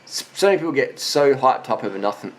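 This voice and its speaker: Man, forties, casual Q&A monologue, blunt, profane, emphatic, tired after a long ride, mid-pitched. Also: animated, quick pace. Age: 40s. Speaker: vlogger answering viewer questions.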